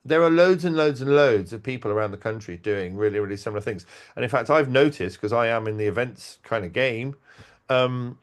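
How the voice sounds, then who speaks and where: A man telling stories in casual talk, animated, acting out quotes and restarting his sentences. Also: mid-range voice. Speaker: event organizer and podcast guest. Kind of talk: casual conversational storytelling.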